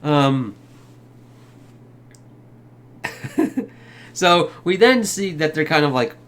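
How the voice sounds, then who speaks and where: A man's voice: a little high, expressive, normal speed, fairly bright tone. Rambling, swearing man reviewing a movie. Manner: swears a lot, laughs often, loose rambling. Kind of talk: casual spoken review.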